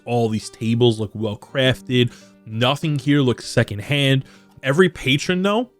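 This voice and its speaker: A man narrating as game master of a tabletop game, describing scenes in a rambling, animated way. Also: mid-range voice.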